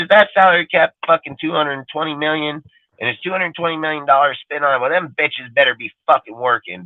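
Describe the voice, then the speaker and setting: A man's voice: medium pitch, dry recording. A man ranting in casual talk, blunt and profane, leaning on "dude" and "like" as he talks. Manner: blunt, heavy swearing, repeats "dude" and "like". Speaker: podcast co-host. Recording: tinny phone-line sound, dry.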